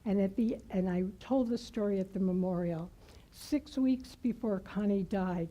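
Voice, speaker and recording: Woman guest minister, unhurried heartfelt sermon, very dark mellow tone. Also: mid-range voice, poor audio. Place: church sanctuary.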